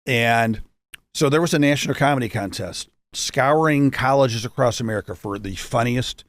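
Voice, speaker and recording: A man's voice: mid-range voice, moderate pace. A man in his fifties from Rochester, New York, a guest telling his story in a chatty, joking way with many asides. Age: 50s. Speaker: guest, entrepreneur. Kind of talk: casual storytelling.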